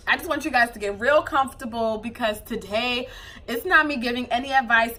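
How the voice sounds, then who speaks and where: A young woman vlogging as a new mom, chatting casually to camera with a loose, animated flow and many fillers. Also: on the high side.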